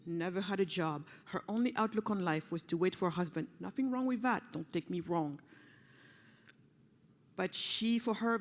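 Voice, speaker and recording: Woman giving an emotional keynote talk, goes soft and hushed sometimes, big echoey hall. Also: medium pitch. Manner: passionate, shifts to hushed soft delivery for emphasis. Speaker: keynote speaker. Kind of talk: emotional storytelling speech. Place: large conference hall. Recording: long hall reverb.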